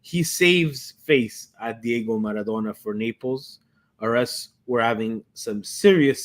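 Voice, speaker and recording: A man co-hosting a casual football podcast, excitable and given to cheering. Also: medium pitch, measured pace. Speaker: podcast co-host. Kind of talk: casual sports talk.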